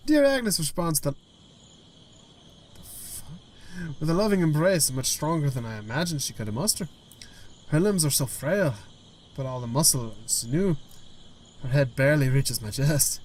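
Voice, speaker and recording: A man's voice: on the high side, animated, moderate pace, darkish tone. A man hosting a gaming video, reading a story game aloud with stumbles, restarts and side comments.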